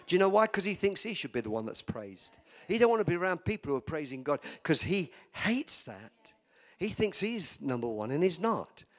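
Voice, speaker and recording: Emphatic preacher man, higher voice. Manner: emphatic, call-and-response preaching. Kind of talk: sermon. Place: church.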